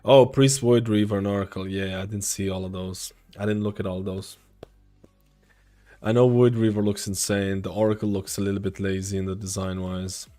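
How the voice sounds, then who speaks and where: A man's voice: on the low side, fairly even intonation, normal speed, warm tone. A young man streaming live, answering viewer questions in a loose, rambling, chatty way. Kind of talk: casual live-stream chat. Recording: faint music behind.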